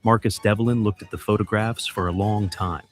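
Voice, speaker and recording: A man giving scripted dramatic mystery narration, measured and suspenseful, delivered in short clipped phrases. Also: lowish voice, fairly even intonation, soft background music.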